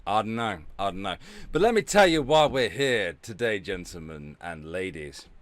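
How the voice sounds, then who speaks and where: A man hosting a casual livestream rant, sarcastic and mocking, dropping from low mutters to loud announcements. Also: very animated, normal speed. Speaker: streamer host.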